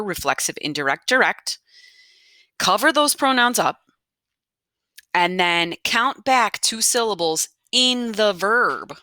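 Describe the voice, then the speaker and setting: A woman's voice: lowish voice, sharp tone, no room sound, clean studio sound. A woman teaching a recorded grammar lesson, patient, restating each rule and checking in with "okay?". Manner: patient, repeats key points, checks in with "okay?". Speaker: Spanish teacher.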